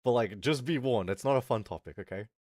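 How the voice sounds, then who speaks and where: A man's voice: medium pitch, fairly quick, a little mellow, no room sound. A young man streaming as a vtuber, telling a story to his chat in a rambling, casual way with lots of fillers, on a close mic. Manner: rambling, fillers, reads chat and acts out quotes.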